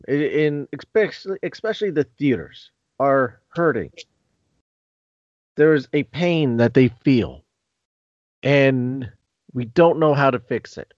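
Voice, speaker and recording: A man's voice: on the high side, expressive, unhurried, a little mellow, no room sound, highs cut off. A man hosting a podcast, talking casually and rambling with restarts. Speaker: podcast host.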